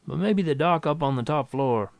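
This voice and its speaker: A man's voice: on the high side, animated, normal speed, gravelly, dry recording. A man doing a lazy drawling official. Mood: bored. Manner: drawling, disdainful. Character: bored male official, drawling.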